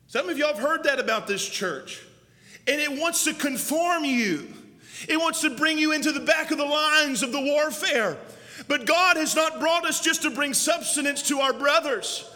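A young man preaching a fiery, shouting sermon as pastor in a church. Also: very high voice, expressive, moderate pace. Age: young adult. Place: church sanctuary. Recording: long church hall reverb.

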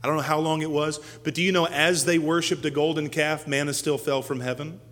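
A man giving a sermon as a pastor, his voice climbing to high, loud peaks and then dropping low and quiet, acting out the quoted speech of the story's characters. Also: fairly even intonation, a little fast, in a large hall.

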